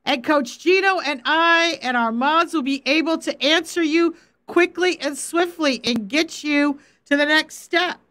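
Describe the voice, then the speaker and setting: In an unhurried, casual live-stream manner, a woman with a high voice teaches from the Bible. A faith coach and Bible teacher, she's expressive and laughs easily, illustrating her points with short acted quotes.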